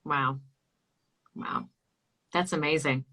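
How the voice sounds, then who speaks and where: Bright, giggly woman hosting. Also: sits low, fairly even intonation, slow pace. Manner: giggly, playful questions. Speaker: podcast host. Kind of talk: casual interview.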